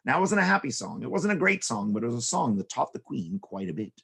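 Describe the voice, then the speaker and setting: A man telling playful children's stories, his pitch swinging widely as he narrates. His voice is gravelly and husky. He drops in sound effects and silly asides. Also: big pitch swings, fast talker, a bit bright. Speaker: children's storyteller. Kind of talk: storytelling for children.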